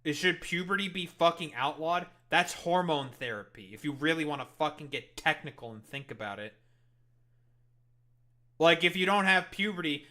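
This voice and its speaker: Bright-voiced swearing man ranting. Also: on the high side, lively intonation, moderate pace. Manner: profane, ranting, heavy swearing; sarcastic, mocking. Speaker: reaction commentator. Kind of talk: casual reaction commentary.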